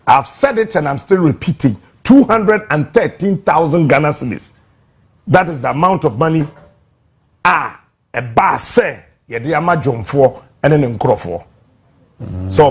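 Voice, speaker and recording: A man making a defiant, forceful speech in a played clip, repeating himself and mixing languages. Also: on the high side, breathy edge.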